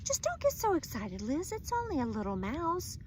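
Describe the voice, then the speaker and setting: A woman putting on a patient husband from a children's storybook, soothing and steady. Her pitch is livelier than the rest of her reading. A faint hiss sits behind the reading. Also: moderate pace. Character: calm reassuring husband, adult man.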